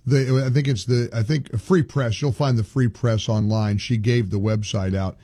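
A man's voice: medium pitch, steady tone, normal speed, few pauses, warm tone, no room sound. A male talk show host giving indignant, emphatic political commentary, often restarting his sentences.

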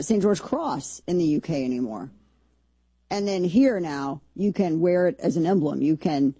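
A woman's voice: fairly low pitch, mellow, husky, no room sound. A woman hosting a show, giving casual commentary full of rambling, sarcastic asides. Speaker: show host.

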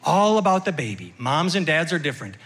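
A man's voice: on the high side, big pitch swings, a little fast, a bit bright. A man doing a stand-up routine, wry and complaining. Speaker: stand-up comedian.

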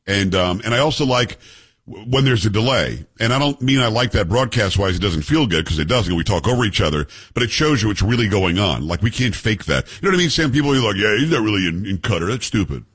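Husky-voiced radio talk host, man. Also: on the low side, lively intonation, fast talker, fairly bright tone. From Texas. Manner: chatty, joking, name-dropping asides. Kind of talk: casual radio chat. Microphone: studio microphone.

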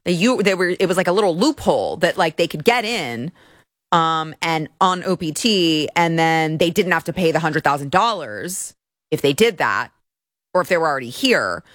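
A woman's voice: deep voice, animated, moderate pace, a bit bright, dry recording, studio quality. A woman hosting an opinionated commentary show, speaking in a sarcastic and scornful way.

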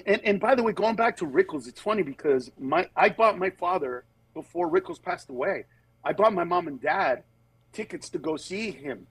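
A man, a comedian, talking in a casual podcast conversation, telling animated stories, slipping into quick character voices, and turning earnest and emphatic on serious points. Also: sits high, creaky, slightly rough, dry recording, low-quality recording. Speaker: stand-up comedian guest.

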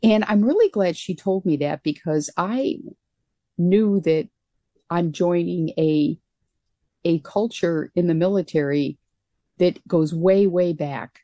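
A woman's voice: on the low side, takes it slowly, mellow, no echo, highs cut off. A woman guest being interviewed about her years as a pilot, speaking earnestly and conversationally with frequent restarts. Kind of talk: conversational storytelling.

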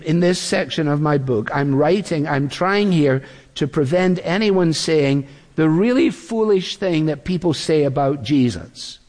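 A man preaching a sermon in a measured, deliberate way, acting out the quotes he reads. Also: on the high side, a little mellow. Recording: long reverb of a large hall.

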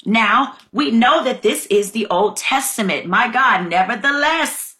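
A woman's voice: on the high side, animated, unhurried, bright, forceful tone. A woman preaching a fervent sermon, reading scripture aloud and calling her listeners family. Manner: fervent, exclaims "my God", addresses listeners as family.

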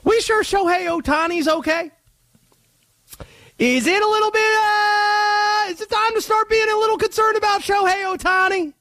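A man voicing a high, excitable conspiracy-minded sports fan with a put-on Cajun twang. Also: normal speed, dry recording, full character voice. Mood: suspicious. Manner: wild, rambling, suspicious.

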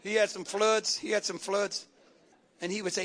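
A preaching man with a very high, bright and forceful voice. He drives his sermon with rhythmic repeated phrases and keeps calling out questions to the congregation. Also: level tone, moderate pace. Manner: call-and-response preaching, repetitive rhythmic phrases. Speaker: pastor.

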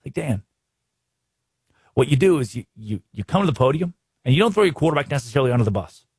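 A man's voice: medium pitch, sing-song, fast, darkish tone, breathy edge, no echo, clean studio sound. A man from Arkansas hosting a sports talk show, ranting emphatically and restarting his sentences. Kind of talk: animated sports commentary.

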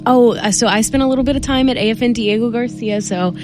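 A woman's voice: fairly high pitch, fast. A woman from Texas, a new radio DJ, chatting on air in a studio with lots of upbeat energy. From Texas, USA. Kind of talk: casual on-air radio chat. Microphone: studio microphone. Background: music under the talk.

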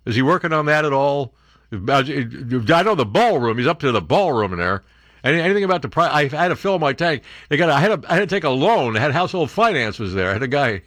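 Man, talk radio host, sarcastic, very animated pitch, dry close sound. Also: no echo. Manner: sarcastic, mocking, reads news aloud with asides.

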